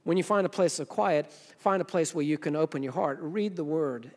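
A man with a high, light voice delivers a sermon, pressing his points with emphasis and then dropping almost to a hush. His voice rings out with a long reverb tail, as in a large hall. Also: fairly quick. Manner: swings between emphatic and hushed, intimate delivery. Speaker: preacher.

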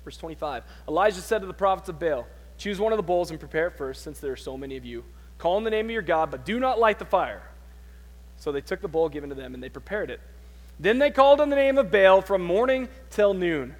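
A man preaching a sermon, reading scripture with dramatic loud peaks and dropping to quiet, conversational asides. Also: high-pitched, big pitch swings, brisk, in a large hall.

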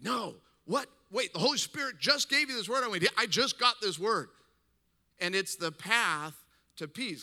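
A middle-aged man delivers a sermon with a strikingly bright, forceful tone and a slightly high-set voice. He moves between reading scripture aloud and talking to the congregation in emphatic, conversational asides. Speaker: pastor.

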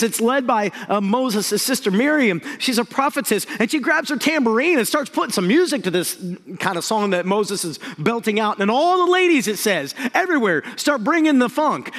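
A man preaching a sermon, energetic and jokey, swinging from loud excitement to hushed lines. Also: sits high, in a large hall. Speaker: pastor.

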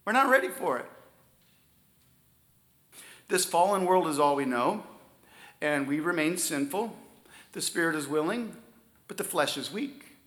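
A man preaching a sermon, stressing key words loudly and then dropping to near-whispers. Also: fairly high pitch, moderate pace, reverberant. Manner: emphatic preaching, swings from loud stresses to soft near-whispers. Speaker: pastor.

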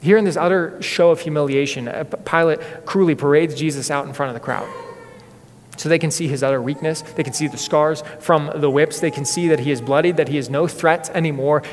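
Recorded inside a church sanctuary, a man delivers a sermon through earnest, dramatic storytelling. His voice runs somewhat high for a male speaker, and a long, hall-like reverb trails behind his words.

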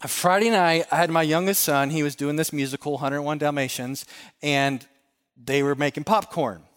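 A man's voice: a little high, steady tone, moderate pace, clean tone. A middle-aged man giving an earnest sermon as a pastor, telling stories and repeating phrases. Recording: long hall reverb.

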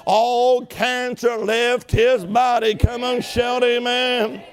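A man's voice: extremely high pitch, flat delivery, slow pace, smooth, some chatter behind. A man preaching a sermon, telling a story with emphasis and calling on the congregation to respond.

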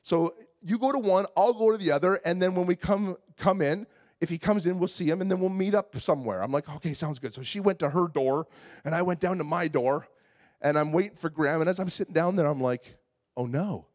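A man, preaching and telling a funny personal story with animated, exasperated retelling. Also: high-pitched, a little fast. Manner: animated storytelling, acts out his own exasperation. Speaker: pastor. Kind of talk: sermon with a humorous personal story.

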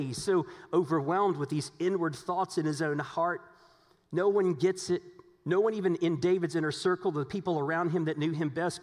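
A man's voice: a little high, in a large hall. A man preaching a sermon as pastor, earnest and repetitive, asking his congregation rhetorical questions.

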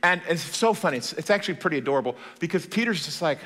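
Bright-voiced, animated male preacher. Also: on the high side, fast, in a large hall. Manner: animated, playful storytelling. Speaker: pastor. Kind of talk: sermon. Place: church.

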